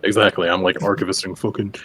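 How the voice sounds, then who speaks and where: Low-voiced cursing man at the gaming table. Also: flat delivery, fast, background noise. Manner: swears constantly, exasperated. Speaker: player. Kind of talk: casual chat at a game table.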